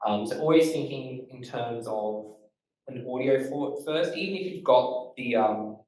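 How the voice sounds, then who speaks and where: Aussie guy chatting fast about podcasting, bit of um and uh, sounds far off in a really echoey room. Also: mid-range voice, a little mellow. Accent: Australian. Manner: fast-talking, emphatic, loose with fillers. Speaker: podcast host giving a talk. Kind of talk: casual instructional talk.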